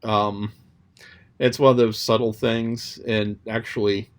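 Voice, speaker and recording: A man's voice: lowish voice, little pitch movement, slow. A man casually talking through his thoughts on a book chapter he read aloud. He rambles and muses, with frequent ums and restarts, and now and then slips playfully into quoted voices. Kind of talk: casual spoken commentary.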